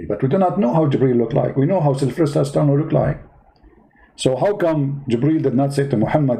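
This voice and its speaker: Sarcastic man with a mellow voice. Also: medium pitch, expressive, fairly quick, low-quality recording. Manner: mock-innocent, sarcastic questioning. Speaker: host of a parody debate. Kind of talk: comedy skit.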